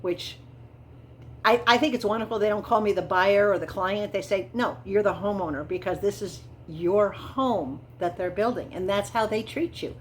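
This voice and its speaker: Middle-aged woman vlogging, chatty and excited, rambles a bit, bit of faint noise behind. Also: mid-range voice, normal speed. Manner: chatty, enthusiastic, meandering with fillers. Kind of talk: casual chat narrating a home build.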